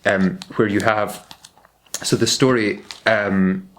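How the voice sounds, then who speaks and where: Low-voiced young man explaining literature. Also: fairly even intonation, slow, a bit bright, slight background noise. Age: young adult. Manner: thoughtful, hesitant with restarts. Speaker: guest, doctoral researcher. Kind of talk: academic interview, explaining and reading aloud. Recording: roomy echo.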